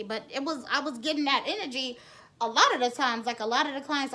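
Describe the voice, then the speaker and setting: A woman in a fairly high voice. She tells her story bluntly, cursing often and restarting her sentences as she goes. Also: fairly quick, bright, forceful tone. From the Bronx, New York. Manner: blunt and frank, with frequent cursing and rambling restarts. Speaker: nail technician. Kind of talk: candid personal storytelling.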